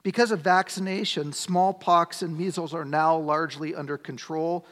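A man's voice: fairly high pitch, steady tone, moderate pace, a bit bright. A man preaching a sermon as a pastor, conversational, asking the congregation rhetorical questions. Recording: long hall reverb.

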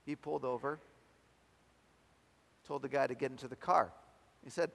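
A man preaching a sermon, telling a story with dramatic swings between loud and soft. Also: medium pitch, normal speed, gravelly, pauses often. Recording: long hall reverb.

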